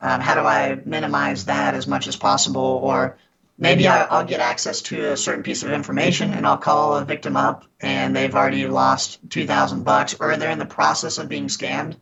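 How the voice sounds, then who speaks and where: A medium-pitched man with a creaky voice speaks at normal speed in a level tone, a scam baiter guesting on a podcast. He earnestly tells stories of fighting scammers in a casual interview, often restarting sentences. The recording is muffled, with a loud crowd.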